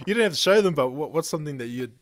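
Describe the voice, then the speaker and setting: A man's voice: a little high, lively intonation, no room sound. A man hosting a podcast, chatting casually and reacting with frequent laughs. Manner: laughs often, quick friendly reactions. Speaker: podcast host. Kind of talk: casual chat.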